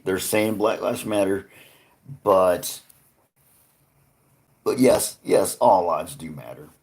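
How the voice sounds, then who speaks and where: A man with a low, slightly mellow voice hosts a live stream, rambling earnestly to his chat. He speaks haltingly with many restarts and addresses viewers by name.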